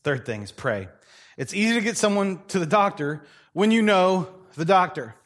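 A middle-aged male pastor preaches in a lively, joking way, breaking into quick voices for the people in his stories. His voice sits high for a man and swings widely up and down. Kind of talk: sermon with stories.

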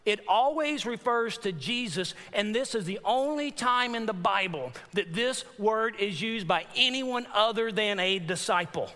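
High-voiced man preaching in a reverberant church. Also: unhurried, hardly any pauses. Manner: animated, repeats phrases for emphasis, addresses congregation. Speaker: pastor. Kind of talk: sermon with personal story. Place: church sanctuary. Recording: long hall reverb in church.

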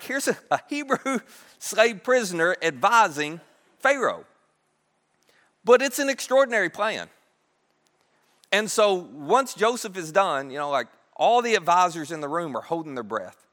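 A man's voice: high-pitched, big pitch swings, normal speed, fairly bright tone. A man preaching a sermon, telling the story in a conversational, humorous way. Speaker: pastor. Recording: echoey hall.

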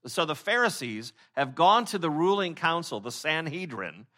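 Bright-voiced man preaching casually. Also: fairly high pitch, big pitch swings, normal speed. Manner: conversational, many fillers and restarts; acts out quoted speakers in short voices. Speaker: pastor. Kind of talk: sermon.

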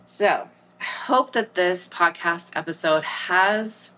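A woman's voice: fairly low pitch, takes it slowly, pushed and bright, a little hiss or hum. A middle-aged woman with a Midwestern accent, hosting a podcast in a candid, casual monologue full of blunt swearing. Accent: Midwestern American. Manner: blunt, frequent swearing, laughs easily. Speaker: podcast host.

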